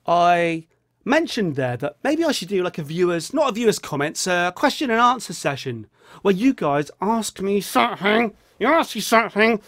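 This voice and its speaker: A man talks in a loose, rambling vlog, joking as he goes while feeling ill. His voice sits fairly high and swings about a lot, and it often sinks into a low mutter on asides. The sound is close and dry. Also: expressive, normal speed, a bit bright, no echo. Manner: rambling, jokey, drops into a low mutter on a catchphrase. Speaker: vlogger.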